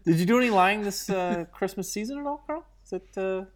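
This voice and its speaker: A man's voice: high-pitched, lively intonation, brisk. A man co-hosting a casual podcast, telling stories in a playful way. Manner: playful storyteller. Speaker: podcast co-host.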